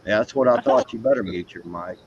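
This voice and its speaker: Lowish male guest, slangy jabs, hiss on the call. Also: fairly quick, muffled recording. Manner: mock-scolding, drawling slang. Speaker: stream guest. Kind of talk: casual group chat.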